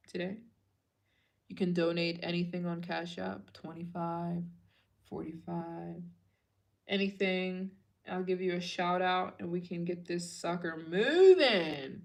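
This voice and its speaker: A young woman hosting a travel fundraiser livestream late at night, tired and chatting loosely with viewers, trailing into low murmurs between bursts of excitement.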